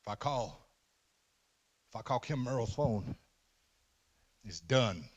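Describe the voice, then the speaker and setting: A man preaching a sermon as pastor in a church, emphatic, dropping to low murmurs and rising to loud shouts. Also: animated, takes it slowly, husky. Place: church sanctuary.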